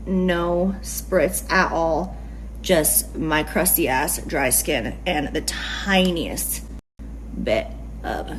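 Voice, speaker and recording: A woman's voice: lowish voice, slight background noise, low-quality recording. A woman beauty influencer chatting through a makeup tutorial, gushing, giggly and often profane.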